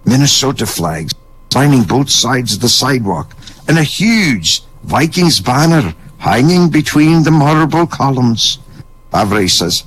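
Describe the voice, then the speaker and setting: An older man doing stand-up, telling jokes in a wry, dry delivery with a gravelly voice. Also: mid-range voice, big pitch swings, unhurried, fairly bright tone, slight background noise, rough recording. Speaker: comedian. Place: online voice chat room.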